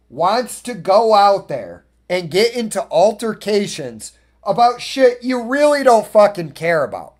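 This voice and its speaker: A man with a fairly high voice rants through an opinionated podcast monologue. He is blunt and swears freely, and he tells his stories in a loose, casual way. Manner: blunt, profane, ranting storyteller. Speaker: podcast host.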